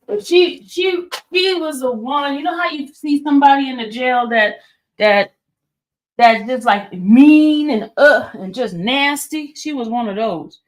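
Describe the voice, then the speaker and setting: Speaking high and at a measured pace, a woman who hosts on YouTube shares a personal story with her audience. She wanders as she talks, often using fillers and starting over.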